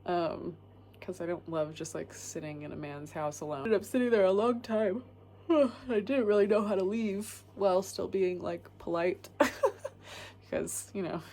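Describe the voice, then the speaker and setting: A woman's voice: fairly even intonation, normal speed, dark tone. A young woman hiking alone, talking candidly to camera in a hesitant, filler-heavy way. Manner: hesitant, lots of fillers and restarts, low-key. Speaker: solo hiker vlogger. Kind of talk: candid vlog talk to camera. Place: indoors, small locked woodshed at night.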